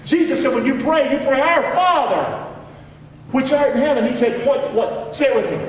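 A man pastor preaching a sermon to his congregation, calling for responses and swinging between loud shouts and low asides. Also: moderate pace, slight background noise. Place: church sanctuary. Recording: echoey hall, mic far off.

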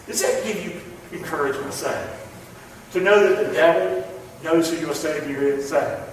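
A pastor preaching a sermon, calling on the congregation to repeat lines, swinging from loud to hushed. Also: male voice, a little high, moderate pace, a little hiss or hum. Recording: echoey hall from far off.

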